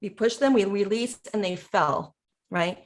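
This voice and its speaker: A woman's voice: medium pitch, unhurried. A woman who is a parent and educator, talking through ideas in a casual presentation, often acting out what people say.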